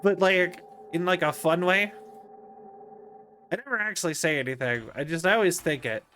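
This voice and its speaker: A man's voice: high-pitched, moderate pace, pushed and bright, a little hiss or hum. A man casually commenting on a video game as he plays, chatty and rambling with lots of fillers. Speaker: streamer.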